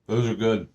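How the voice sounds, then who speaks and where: Middle-aged male home vlogger, lowish voice, loose and rambling, many fillers and restarts. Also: mellow, muffled recording. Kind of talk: casual chat.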